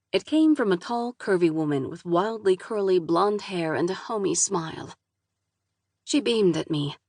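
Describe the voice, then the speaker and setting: Woman, audiobook narrator, first-person romance, low voice, wry, exasperated. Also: darkish tone, no room sound, clean studio sound. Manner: wry, exasperated inner voice with casual swearing.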